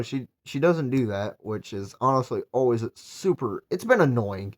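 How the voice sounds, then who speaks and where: A man's voice: mid-range voice, animated, normal speed. A young man talks through a horror movie in a loose, casual recap. He rambles, restarts and piles on fillers. He sounds eager when he praises it. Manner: rambling, filler-heavy, enthusiastic. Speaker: movie reviewer.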